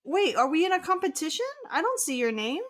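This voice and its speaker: A woman's voice: high voice, big pitch swings, brisk. Bubbly, giggly female podcast co-host. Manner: bubbly, laughs often, teasing. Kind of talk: casual chat.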